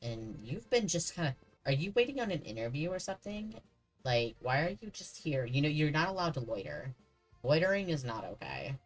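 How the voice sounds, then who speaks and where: A man's voice: fairly high pitch, big pitch swings, brisk, faint music behind, rough recording. A man streaming a horror game, chatting casually and joking with the characters on screen. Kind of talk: casual gameplay commentary.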